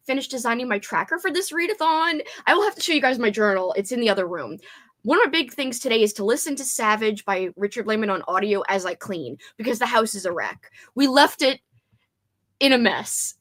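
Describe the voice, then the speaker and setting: Bubbly woman hosting a lively livestream. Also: fairly high pitch, moderate pace. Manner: bubbly, greets chat by name, laughs often. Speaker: booktube livestream host. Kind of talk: casual live chat with viewers.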